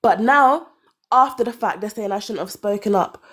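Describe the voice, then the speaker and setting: A woman in her thirties talking openly about her own life in a casual conversation. Her voice sits in an ordinary middle pitch. She tells it animatedly, sighing and laughing between thoughts. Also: moderate pace, husky. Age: 30s. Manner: candid, animated storytelling with sighs and laughs. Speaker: caller. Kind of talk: casual chat.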